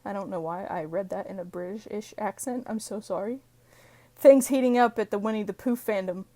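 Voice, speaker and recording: A woman's voice: mid-range voice, brisk, warm tone. A young woman casually reading internet posts aloud and adding playful, sweary asides between giggles. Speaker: reddit post reader.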